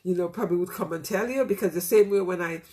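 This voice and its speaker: With a dark, lowish voice and a fast delivery, a middle-aged teacher reflects casually and openly to her listeners. Her heartfelt monologue is sprinkled with many "you know" fillers.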